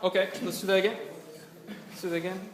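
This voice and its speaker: A man running a choir rehearsal, giving brisk directions, counting in and singing lines to show the way. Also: high voice, level tone, background noise. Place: rehearsal room. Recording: echoey room with choir singing.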